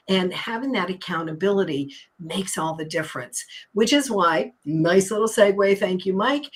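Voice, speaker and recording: An upbeat woman coach talking on a live stream, her voice soft and breathy. She leans on key words and says them again and again, like a teacher. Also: mid-range voice. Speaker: anxiety coach and hypnotist.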